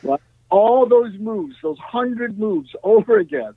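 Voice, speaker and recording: A man, a guest musician, telling animated stories in a podcast interview, full of "you know" and "right?". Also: high voice, slow pace, no room sound. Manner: animated, tag questions, frequent "you know". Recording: tinny dry phone-like line.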